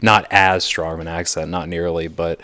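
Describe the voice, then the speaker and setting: A man's voice: sits low, little pitch movement, moderate pace, sharp tone, no room sound. A young man co-hosting a casual podcast, rambling onto tangents and interrupting himself. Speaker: podcast co-host.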